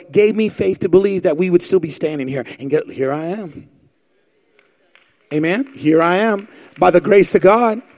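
High-pitched, gravelly preaching man. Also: darkish tone. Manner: fervent preaching with rhetorical questions and quoted scripture. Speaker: pastor. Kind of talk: sermon.

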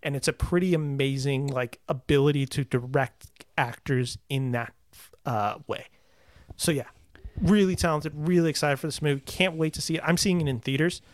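A man's voice: on the high side, moderate pace, dry recording. A young man in casual conversation as a podcast host, enthusiastic and rambling with fillers. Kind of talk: casual chat about movies.

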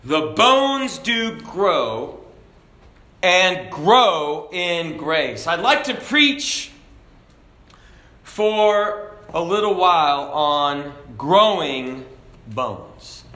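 A man delivers a sermon at a slow, measured pace, his voice high and bright. He slips in self-deprecating humor along the way. The room around him is noticeably echoey. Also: big pitch swings. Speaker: preacher.

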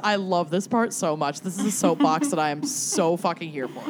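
Young adult woman, casual podcast co-host, animated delivery, giggly reader. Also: fairly low pitch, moderate pace, very noisy. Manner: lively, laughing while reading. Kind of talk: casual chat, reading a blog post aloud.

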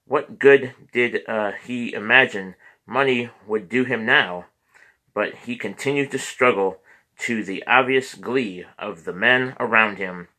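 A man narrating a memoir audiobook in a measured way, with occasional stumbles and restarts. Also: medium pitch, pushed and bright.

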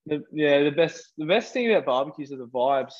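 A man's voice: on the high side, animated, a little fast. A young Australian man chatting casually on a podcast, rambling with lots of "like". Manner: rambling, many fillers like "like". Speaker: podcast guest. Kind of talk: casual chat. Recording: dull lo-fi sound.

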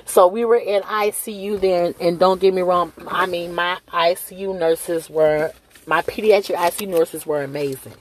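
Woman, somewhat low pitch, emotional first-person storyteller, casual and full of fillers. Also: fairly even intonation, moderate pace. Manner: conversational and emotional, with many fillers. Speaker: mother and hospital worker.

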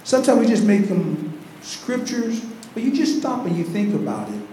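Male pastor, high voice, fervent sermon delivery, echoey church hall recording. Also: very animated, normal speed, dark tone. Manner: preaching with rising fervor and repetition. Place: large echoing church hall. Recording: very echoey church hall, faint background noise.

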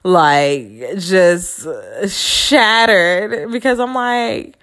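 A woman's voice: mid-range voice, extremely slow, a bit bright. A woman hosting a podcast, telling a personal story in a candid, emphatic and profane casual monologue. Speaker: podcast host.

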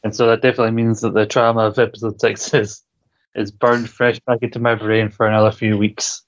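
A man's voice: lowish voice, little pitch movement, brisk, lo-fi sound. A man co-hosting a podcast, rambling in casual chat, laughing often and swearing casually. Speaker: podcast co-host. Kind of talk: casual chat about a TV show.

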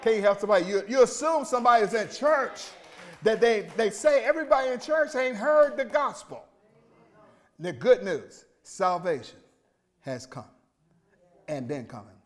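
High-voiced man preaching a sermon. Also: expressive, moderate pace. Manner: call-and-response preaching, rising to shouts; plain folksy speech, coaxing the congregation. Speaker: pastor. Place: church sanctuary.

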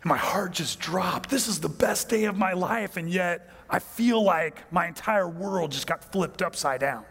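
A man preaching a sermon as pastor, telling a personal story and dropping to a hushed, low voice for emphasis. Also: a little slow, creaky, few pauses, breathy edge, long reverb tail.

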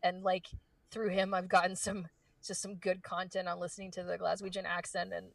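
A woman voice actress being interviewed, chatting casually and fast with lots of fillers and restarts. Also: fairly low pitch, little pitch movement, vocal fry, no room sound, recorded from a distance. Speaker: voice actress guest.

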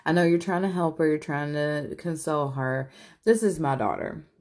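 A woman voicing a protective mother who gives a curt, quick warning in a low voice close to her own. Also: darkish tone. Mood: defensive. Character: protective mother, fiercely territorial.

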